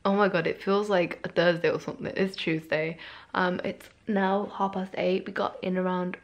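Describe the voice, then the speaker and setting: A young woman chats to the camera in a relaxed, rambling way, tired and a little out of breath after a long day. Her voice sits on the lower side and carries a gravelly fry. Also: moderate pace. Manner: rambling, chatty, self-deprecating, slightly out of breath. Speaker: vlogger. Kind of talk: casual vlog chat to camera. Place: bedroom at home.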